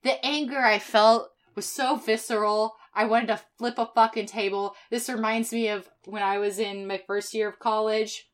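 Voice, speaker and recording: Young female podcast co-host, bright voice, profane and heated storyteller. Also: mid-range voice. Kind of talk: casual chat.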